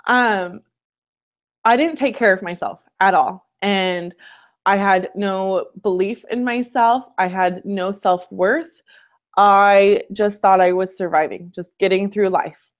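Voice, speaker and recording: A woman's voice: medium pitch, steady tone, slow. Woman fitness coach, casual live-stream host at home; chatty, candid, personal delivery.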